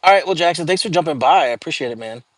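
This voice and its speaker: A man's voice: fairly high pitch, expressive, rapid-fire, no room sound. Chatty man on a dry livestream. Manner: chatty, frequent fillers, reads out viewer comments. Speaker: livestream host. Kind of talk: casual livestream chat with viewers.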